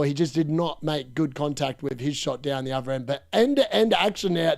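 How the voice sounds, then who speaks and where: Man, Australian-tinged English accent, live watch-along commentary, blunt and chatty, slightly high voice, dry sound. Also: dry recording. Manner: chatty, blunt, swears casually, reacts loudly to chances. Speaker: fantasy football streamer.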